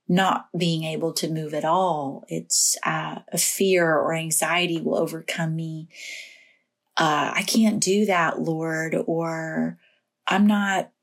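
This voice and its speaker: A woman sharing a personal devotional message in a gentle, reflective way, with pauses and fillers. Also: fairly low pitch. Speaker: Christian devotional speaker.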